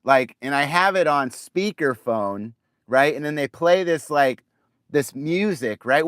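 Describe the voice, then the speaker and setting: A man's voice: fairly high pitch, animated, measured pace, a bit bright, clean tone, no room sound, studio quality. A middle-aged man ranting casually about automated phone lines, rambling, restarting and asking "right?" after nearly every point. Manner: rambling, repeats words, says "right?" often. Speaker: vlogger.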